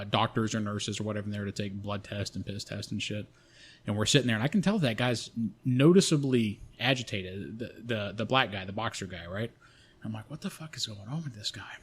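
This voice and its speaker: A man co-hosting a podcast, telling a long personal story in casual, profane, rambling speech with frequent restarts. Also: fairly low pitch. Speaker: podcast co-host.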